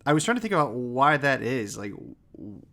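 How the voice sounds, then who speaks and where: A man co-host in casual conversation, musing aloud as he works through his ideas. His voice has a middle pitch. He sounds easygoing and reflective. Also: sing-song, normal speed, vocal fry, pushed and bright. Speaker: podcast co-host. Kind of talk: casual chat.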